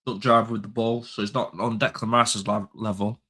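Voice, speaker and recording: A man's voice: on the low side, level tone, normal speed, sharp tone. A young man, talking football as a pundit in a heated casual chat. He is passionate and blunt, swears freely and repeats his points for emphasis.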